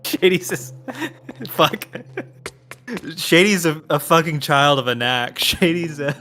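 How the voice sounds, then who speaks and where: Bright-voiced man joking through a co-op game. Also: a little high, a little hiss or hum. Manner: joking, chatty, quick laughs. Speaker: co-op game player. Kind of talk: casual gaming chat.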